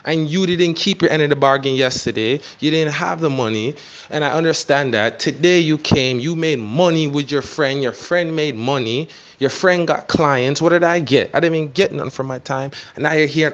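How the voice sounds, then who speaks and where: A man's voice: on the high side, brisk, muffled recording. A man, a photographer, ranting insistently and pleading over and over in a voice note. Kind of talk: heated voice-note rant.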